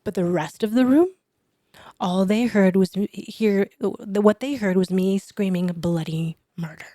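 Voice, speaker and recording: A woman chiropractor, a guest on a podcast, telling a personal story in an animated way and dropping to a whisper for her remembered thoughts. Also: medium pitch, unhurried, no echo, clean studio sound. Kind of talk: storytelling in an interview.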